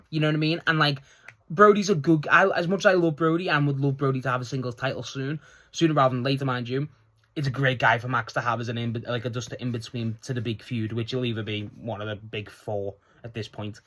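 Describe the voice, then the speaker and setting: A man talking through a wrestling episode in a loose, casual solo review. His voice is bright and forceful, and he swears freely as he recounts each segment with eager enthusiasm. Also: medium pitch, brisk. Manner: excitable, swearing, laughing, recounting scenes.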